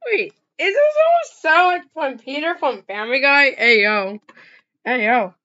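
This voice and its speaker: A woman's voice: sits high, expressive, sharp tone, a little hiss or hum. A woman reacting to funny clips in casual, rambling commentary with many restarts. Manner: rambling, halting, frequent restarts. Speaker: reaction video host. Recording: dull lo-fi recording.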